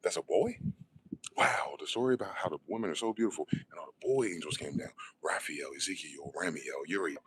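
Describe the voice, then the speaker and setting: Low-voiced man ranting, profane. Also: brisk, fairly bright tone, slight background noise, low-quality recording. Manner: profane, combative, asks and answers himself. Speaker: online video host. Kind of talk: ranting monologue.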